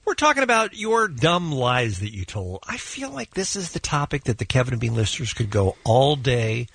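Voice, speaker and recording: A man's voice: medium pitch, sing-song, normal speed, gravelly, a bit bright, breathy edge, no echo. A man hosting a morning radio call-in show, with wry, teasing banter. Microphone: studio microphone.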